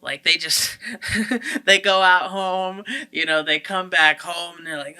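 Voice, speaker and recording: A man's voice: fairly high pitch, steady tone, a little slow, pushed and bright, clean tone. A man co-hosting a casual podcast, joking loosely, swearing and laughing often, with plenty of filler words. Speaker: podcast co-host.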